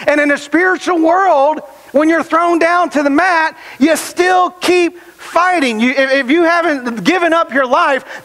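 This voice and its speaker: A male pastor preaching a sermon emphatically, dropping low and slow when he retells scripture. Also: fairly bright tone, rough recording.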